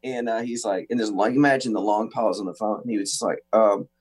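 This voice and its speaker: A man from the United States, a guest on a talk show, telling an animated story with acted-out quotes and frequent restarts. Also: lowish voice, quick pace, husky. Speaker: guest musician.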